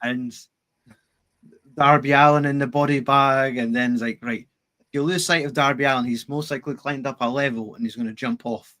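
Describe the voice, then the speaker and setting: A man co-hosting a podcast, easygoing and quick to agree in casual chat. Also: mid-range voice, steady tone, sharp tone. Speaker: podcast co-host.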